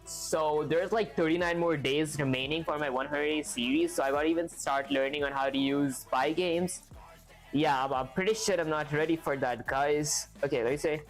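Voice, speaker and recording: A man's voice: a little high, fairly even intonation, normal speed, soft background music. A man on a live stream, chatting casually with his viewers while working through programming exercises, filling his talk with "like". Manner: chatty, lots of "like" fillers, talks to chat. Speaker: livestreamer learning to code.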